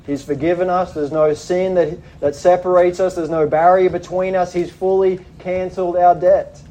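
Aussie pastor guy preaching a sermon, pretty high voice but mellow, slow careful emphasis. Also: little pitch movement. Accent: Australian. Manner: measured, deliberate preaching with emphatic points.

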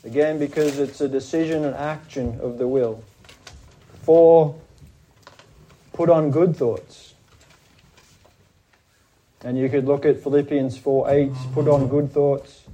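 A pastor with an Australian accent, delivering a sermon in a measured, deliberate way and stressing his points. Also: medium pitch, steady tone, mellow, highs cut off, slight background noise.

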